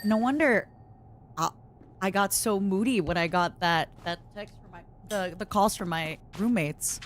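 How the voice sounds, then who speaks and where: A woman's voice: medium pitch, unhurried, a little hiss or hum. A woman talking casually on a stream and telling a personal story, acting out her own reactions as she goes. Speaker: guest streamer. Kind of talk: casual chat.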